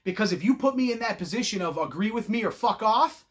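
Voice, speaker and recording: A loud, blunt man rants straight at his audience, swearing freely and dripping with sarcasm. His pitch swings widely as he jumps into mocking voices of the people he criticizes. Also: lively intonation, fast talker. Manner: profane, sarcastic, mocking put-on quotes. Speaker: host. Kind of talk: ranting opinion monologue.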